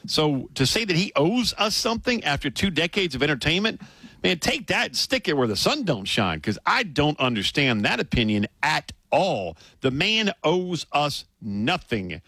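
Bright, blunt male sports radio host. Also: on the high side, big pitch swings, normal speed, no echo. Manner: blunt, opinionated. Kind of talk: sports talk radio chat. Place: radio studio.

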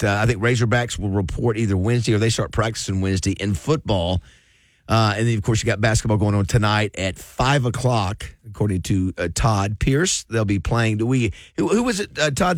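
A man's voice: lowish voice, lively intonation, quick pace, no echo, clean studio sound. A man hosting casual radio chat, rambling through stories with many fillers and restarts. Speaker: radio show host.

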